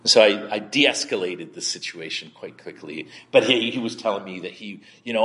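A male pastor with a somewhat low voice gives a candid, conversational sermon. He halts often, repeating words before finding his thought. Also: animated, moderate pace, fairly bright tone, big-room sound. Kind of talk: sermon with personal story.

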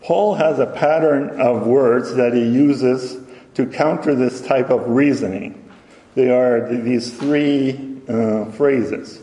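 A man giving a sermon, reading scripture slowly and carefully, stopping now and then to correct himself. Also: mid-range voice, warm tone. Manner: slow, deliberate reading with self-corrections. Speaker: preacher. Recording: echoey hall with long reverb.

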